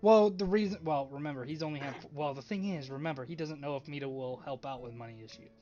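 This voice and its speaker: A man's voice: a little high, fast talker, warm tone, lo-fi sound, faint music behind. A man playing a tabletop game online, talking casually and laughing often, with some swearing. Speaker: player.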